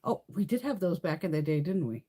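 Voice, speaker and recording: Lively, swearing woman chatting on livestream. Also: on the low side, brisk. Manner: animated storyteller, swears freely, laughs often. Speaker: beauty livestream host. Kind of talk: casual chat.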